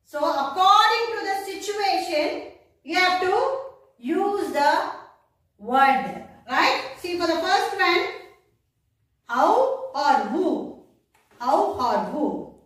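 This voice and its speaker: Very high sing-song Indian woman teacher. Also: sing-song, fairly bright tone. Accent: Indian English. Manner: slow, sing-song teacher talk, spelling words out letter by letter. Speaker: primary school English teacher. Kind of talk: recorded online class. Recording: echoey room, voice from a distance.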